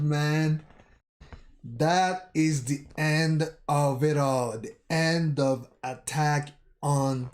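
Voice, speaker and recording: Guy doing a slow casual manga recap, stops and corrects himself a lot, mid pitch. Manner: recounts scenes haltingly, with pauses and self-corrections. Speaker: manga vlogger.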